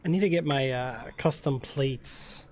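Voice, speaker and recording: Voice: mid-range voice, a little slow, darkish tone. A live streamer in casual game roleplay chat, rambling with many fillers and thinking aloud to viewers.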